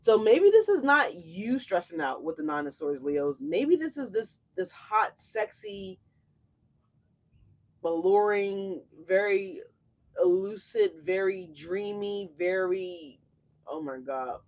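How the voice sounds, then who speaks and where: Tarot reader doing a live reading, mid pitch, gushy and slangy, swears a lot, talks right to the viewers. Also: sing-song, a little slow. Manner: effusive, slangy and profane, exclamatory. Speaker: tarot reader, channel host.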